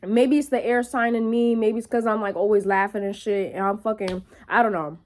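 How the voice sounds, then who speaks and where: A young woman vlogging in a casual, animated storytelling way, full of profanity and quick asides to her viewers. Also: mid-range voice.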